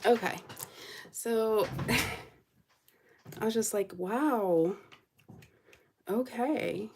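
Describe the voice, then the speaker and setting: A woman's voice: medium pitch, extremely slow, noisy background. A young adult woman vlogger telling a story casually while she crafts, acting out what people said. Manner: animated, acts out quoted voices.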